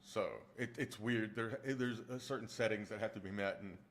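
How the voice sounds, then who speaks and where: A man's voice: fairly low pitch, steady tone, normal speed, a little hiss or hum. A man chatting casually with livestream viewers, rambling and restarting sentences as he answers their comments about his narration work. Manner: rambling, with frequent restarts while answering chat. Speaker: streamer and audiobook narrator.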